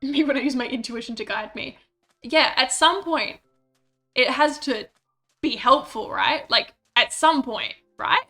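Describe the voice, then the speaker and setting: A woman's voice: high voice, a little slow, pushed and bright, faint music behind. A woman streaming a game, chatting casually and mocking herself, swearing when annoyed. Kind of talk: casual gameplay chat.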